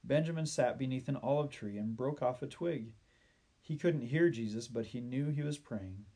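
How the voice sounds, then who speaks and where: A man reading a children's Bible story aloud, gentle and measured, slowing down at sad moments. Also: mid-range voice, slightly rough.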